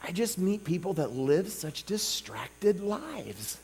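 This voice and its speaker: A man preaching at a revival in a fairly high, very lively voice that rises and falls a lot. He talks casually to the congregation and keeps asking "okay?", dropping to soft asides and then breaking into loud emphatic bursts. A faint mains hum sits under the recording. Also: slow, creaky, slightly rough. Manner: conversational, peppered with "okay?" and "you know". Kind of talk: sermon.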